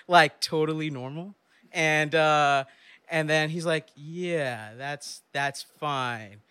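A young man telling a lively story on stage, laughing often and acting out the voices of the people in it. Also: fairly high pitch, slow pace, clear, resonant tone. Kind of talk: live storytelling.

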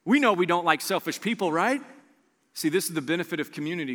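A man preaching a sermon as pastor, telling a story with animated delivery and dropping to a soft hush for emphasis. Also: a little high, long reverb tail.

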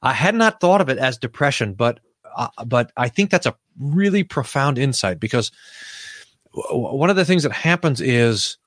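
A man's voice: mid-range voice, lively intonation, moderate pace, fairly bright tone, no room sound, clean studio sound. A man, a pastor and podcast guest, speaking reflectively and telling pastoral stories in a conversational interview, often restarting his sentences. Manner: storytelling, reflective, frequent restarts.

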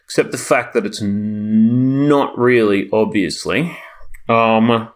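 A man's voice: on the low side, slow pace. A man co-hosting a casual chat, rambling and sardonic, swearing freely.

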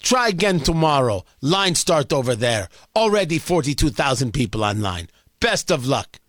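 A talk radio host putting on a mock old-timey Russian accent to play a gruff male breadline clerk who speaks in broken, clipped phrases. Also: mid-range voice, very animated, moderate pace, fairly bright tone, no room sound, studio quality, voice pushed down. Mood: curt.

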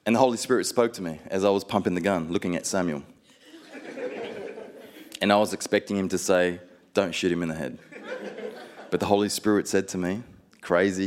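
A man's voice: low-pitched, fairly even intonation, brisk, pauses often. A man preaching a sermon, telling personal stories with playful asides and building to fervent exhortation.

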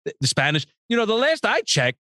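A man co-hosting a podcast, blunt and animated in casual chat. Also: sits high, fairly quick, no echo, studio quality. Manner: loud, blunt and animated, laughs often. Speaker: podcast co-host.

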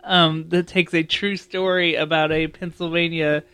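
An enthusiastic man in a casual podcast chat rambles happily. His voice is bright and crisp and sits a little high. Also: little pitch movement, a little slow. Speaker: podcast co-host.

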